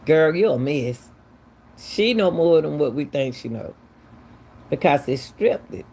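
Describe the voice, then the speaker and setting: A woman's voice: low voice, expressive, slow, dark tone, a little hiss or hum. A woman, hosting casual true-crime commentary, talking emphatically and firing off repeated, incredulous questions. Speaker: commentary channel host.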